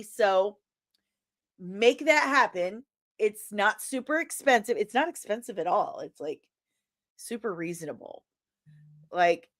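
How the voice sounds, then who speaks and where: A sniffly woman with a lingering cough hosting a casual live stream. She greets viewers with loud, sing-song shouts and chats in a playful, teasing way. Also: medium pitch. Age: adult, old enough to remember films from forty years ago. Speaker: host of a daily pop-culture live show.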